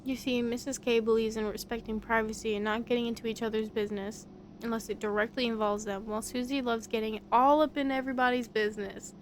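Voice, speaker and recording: A woman's voice: a little high, level tone, fast, slight background noise, lightly acted. Laid-back gossipy young man from a game, slangy delivery, read by a woman. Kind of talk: voice-acting a visual novel.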